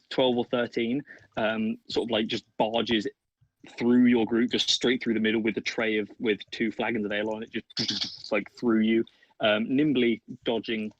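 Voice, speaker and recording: Acting as game master, a man narrates a tabletop game in a rather low voice, rambling casually and using lots of fillers. The audio is dull, with no room sound.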